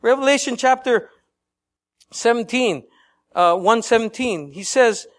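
Brief: very high-pitched male preacher, lively and chatty, leads call-and-response. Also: unhurried. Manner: animated, laughing, calls for congregation responses. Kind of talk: sermon.

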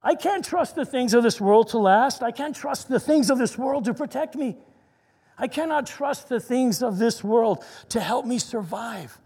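High-voiced man preaching earnestly. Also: animated, darkish tone, slightly rough, long reverb tail. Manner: earnest, slows down to stress scripture. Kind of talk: sermon.

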